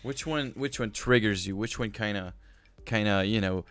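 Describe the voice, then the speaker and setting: A man's voice: lowish voice, moderate pace, a bit bright, dry recording. A man from Belgium hosting a podcast in casual chat, playful and jokey, with many restarts. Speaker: podcast host.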